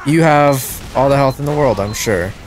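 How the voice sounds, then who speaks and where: A man giving live gameplay commentary as a channel host, excitable and prone to loud frustrated outbursts and swearing. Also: mid-range voice, moderate pace, soft background music.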